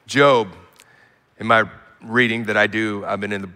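A man preaching a sermon as a pastor, telling stories with animated emphasis and quiet asides. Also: lowish voice, moderate pace. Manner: animated storytelling, swinging between loud emphasis and quiet asides. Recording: long hall reverb.

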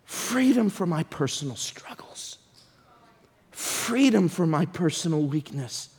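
A man preaching a sermon, swinging between shouted appeals and hushed, whispered prayers. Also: fairly high pitch, sing-song, slow pace, husky, in a large hall.

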